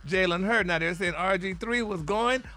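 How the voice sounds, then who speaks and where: A man's voice: sits high, moderate pace, sharp tone. A man delivering celebrity gossip on a radio morning show in a flamboyant manner, calling listeners honey. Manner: flamboyant, sprinkles "honey" and "y'all". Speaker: celebrity news correspondent. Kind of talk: gossipy celebrity news segment.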